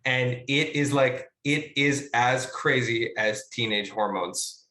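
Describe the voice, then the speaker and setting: A man, a guest actor, chatting casually about his craft in an animated, rambling way with plenty of fillers and the odd swear word, over a video call. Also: mid-range voice, slow, roomy sound. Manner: animated, rambling storyteller with filler words and profanity. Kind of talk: casual conversational teaching.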